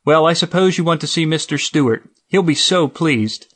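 A man's voice: fairly high pitch, normal speed, a bit bright, voice pushed up. A man voicing a gushing, effusive woman office receptionist in a storybook reading.

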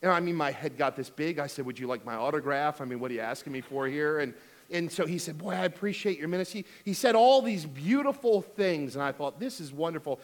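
A man's voice: on the high side, animated, brisk. A middle-aged man preaching a sermon as pastor, telling a funny family story and then urging giving with emphatic exhortation.

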